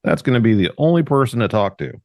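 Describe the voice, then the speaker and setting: A man who researches Bigfoot, a podcast guest, explaining things in a measured way. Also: medium pitch, very animated, darkish tone, no echo, clean studio sound. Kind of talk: casual podcast chat.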